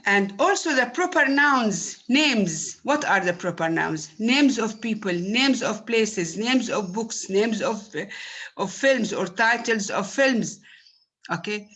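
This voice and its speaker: A woman teaches at an unhurried, deliberate pace, pausing often on fillers as she explains. Her voice sits at an ordinary middle pitch, and her speech has the patient manner of a recorded university lecture. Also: lively intonation, fairly bright tone.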